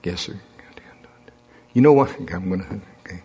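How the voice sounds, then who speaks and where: A man's voice: deep voice, normal speed, dark tone, breathy edge. A man preaching a sermon in a folksy, conversational way, calling on the congregation to repeat after him.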